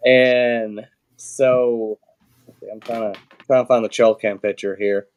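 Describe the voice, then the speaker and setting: A man's voice: mid-range voice, a little slow, highs cut off. A man talking as a podcast guest, telling a story in a loose, plainspoken way with lots of fillers and restarts and the odd swear word. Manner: relaxed, plainspoken, swears casually. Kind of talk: casual storytelling.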